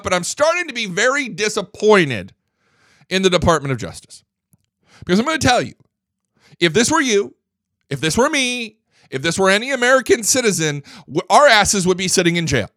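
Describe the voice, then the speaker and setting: A man's voice: high voice, very animated, normal speed, sharp tone, no echo. A man hosting a political talk radio show, talking in a heated and emphatic way and often repeating himself at a studio microphone.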